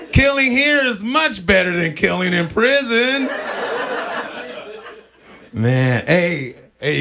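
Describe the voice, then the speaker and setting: A man's voice: high voice, vocal fry. A man in his forties doing a live stand-up set. He rambles crudely, stammers through restarts and laughs at his own jokes. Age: 40s. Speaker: stand-up comedian. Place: live comedy venue with audience. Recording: live crowd laughter behind.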